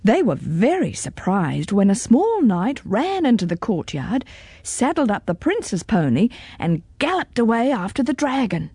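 A woman reading a children's storybook aloud in an expressive, deliberate way. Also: on the high side, slightly rough, no room sound, clean studio sound.

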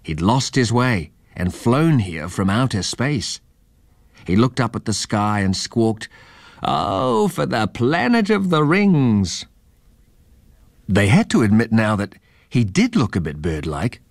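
A man reading a children's story aloud in a measured, expressive way. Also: on the low side, no echo, studio quality.

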